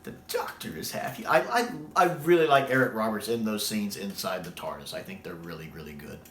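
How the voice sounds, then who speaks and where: A man's voice: lowish voice, brisk, echoey room, a little hiss or hum. A man from the United States, enthusiastically discussing a sci-fi show in casual talk and acting out quoted scenes. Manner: excited, quotes scenes in acted voices.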